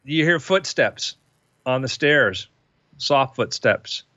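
A man narrating as game master in a tabletop role-playing game, in a brisk, casual way. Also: mid-range voice, expressive, bright, forceful tone, dry recording, highs cut off.

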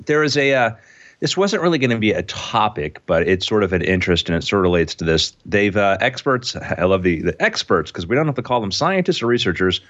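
A man's voice: fairly low pitch, very animated, fairly quick, fairly bright tone, dull audio. A man co-hosting a podcast, chatting casually with a cold, in a rambling, self-deprecating way. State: has a cold. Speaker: podcast co-host. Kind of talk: casual chat.

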